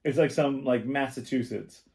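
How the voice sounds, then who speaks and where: A man of middling pitch co-hosts a loose, comedic podcast chat. He trades crude puns and laughs readily while reading out odd facts. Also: normal speed, darkish tone. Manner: jokey, laughs often, reads place names with crude puns. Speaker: podcast co-host.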